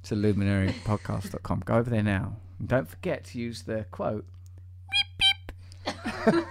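A man's voice: on the low side, brisk, vocal fry, a little mellow, a little hiss or hum. A man hosting a podcast, talking in a rambling, playful way with self-mocking asides. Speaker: podcast host. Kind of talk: casual podcast intro and chat.

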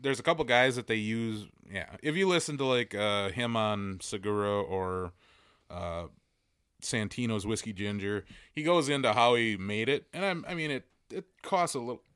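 Bright, crisp male podcast co-host. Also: on the low side, moderate pace, no room sound, clean studio sound. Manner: chatty, recommending comedy specials. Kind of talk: casual podcast chat.

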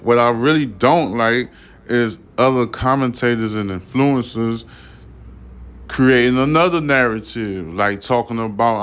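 A man's voice: medium pitch, a bit bright, clear, resonant tone. A man hosting his own commentary podcast, talking bluntly and profanely in a loose, rambling way, rising to heated rants. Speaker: podcast host.

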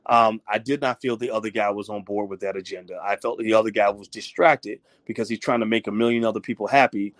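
A male commentator delivering a heated, profane opinion monologue with animated delivery. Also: on the low side, fast, few pauses, dry recording.

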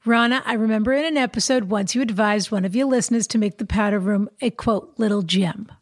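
A medium-pitched woman co-hosts an advice podcast, chatting briskly and playfully, laughing easily, and reading a listener's letter aloud. The recording is dry and studio-quality.

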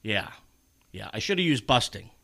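A man's voice: fairly low pitch, sing-song, moderate pace, gravelly, sharp tone. A man ranting in casual chat, swearing a lot and sarcastic.

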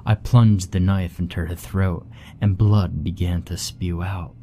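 A man narrating a horror story in a grave, measured first-person telling. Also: deep voice, steady tone, mellow, a little hiss or hum. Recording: faint background music.

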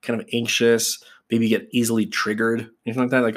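A man's voice: mid-range voice, level tone, fairly quick. A man teaching other practitioners in a casual, conversational way, talking straight to his listeners. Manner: conversational, addresses listeners as "guys", acts out client exchanges. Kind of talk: casual instructional talk.

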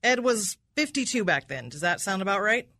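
Woman prosecutor, combative cross-examiner, animated pitch, dry close sound. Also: moderate pace, no echo. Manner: aggressive, repeats answers back with "right?".

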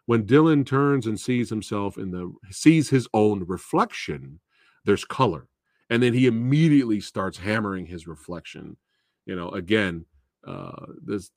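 Chatty, low-voiced man reviewing a film. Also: gravelly, no room sound, studio quality. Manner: rambling and chatty, with fillers and laughs. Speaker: host of a movie talk show. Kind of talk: casual live movie review.

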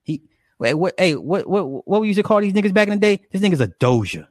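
A man's voice: high voice, very animated, quick pace, a little mellow, no echo, studio quality. A man giving profane, mocking reaction commentary, stretching words out for emphasis.

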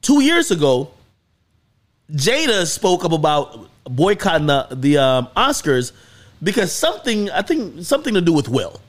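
Animated, high-pitched male podcast host. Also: a little slow. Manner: animated storytelling, swearing, rising to high excited peaks. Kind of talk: casual podcast chat.

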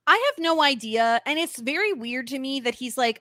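Podcast co-host, woman, fairly high voice, lively recap delivery, dry close-mic sound. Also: normal speed, no room sound. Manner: animated, acts out characters' lines while retelling. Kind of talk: casual recap chat.

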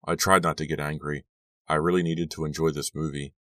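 A man narrating a first-person audiobook in a steady, even storytelling manner. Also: a bass voice, a little fast, dry recording, recorded from a distance.

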